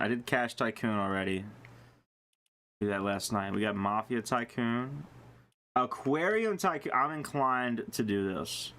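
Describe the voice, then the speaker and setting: A man streaming a game and chatting with viewers in a wry, deadpan way, reading the game's text aloud. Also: fairly low pitch, a little hiss or hum. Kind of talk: casual gameplay commentary. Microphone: face cam desk microphone.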